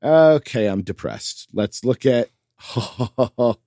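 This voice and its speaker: A man co-hosting a casual podcast chat, animated and quick to laugh. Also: medium pitch, dry recording, clean studio sound. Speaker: podcast co-host.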